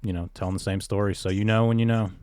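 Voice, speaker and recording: A man hosting an interview, speaking in an even and plain-spoken way. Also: on the low side, quick pace, dry recording. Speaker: interviewer, researcher. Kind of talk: casual interview chat.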